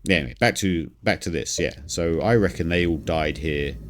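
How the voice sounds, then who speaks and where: Guy with a super low voice streaming a game, thinking out loud, rambling on and correcting himself. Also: normal speed. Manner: reads chat aloud. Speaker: gaming streamer. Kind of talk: live game commentary.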